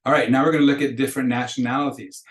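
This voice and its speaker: A man's voice: medium pitch, steady tone. Echoey male Spanish teacher lecturing. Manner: explanatory, slows to model pronunciation. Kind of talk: recorded class lecture.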